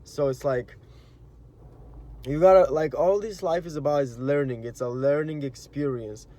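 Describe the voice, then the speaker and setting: A spiritual vlogger talks at a moderate pace in a mellow, mid-range voice. Rambling yet sincere, he uses casual slang with lots of "you know" and "like," voicing the inner thoughts he quotes.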